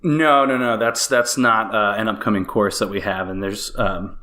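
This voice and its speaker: A man talking as a guest on a business podcast, animated and casual, with many fillers and restarts. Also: lowish voice, normal speed. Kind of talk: casual interview chat.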